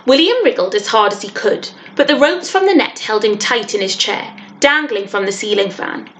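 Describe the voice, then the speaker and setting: A woman's voice: mid-range voice, moderate pace, slight background noise. Woman reading a children's book aloud. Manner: expressive storytelling. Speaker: teacher.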